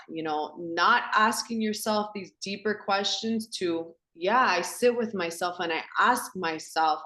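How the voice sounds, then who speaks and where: A woman hosts a spiritual women's circle, speaking earnestly and fondly to the group. She often says "like" and lifts into animated voices when she gets excited. Her mid-pitched voice comes through a phone in an echoey room. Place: home in Miami.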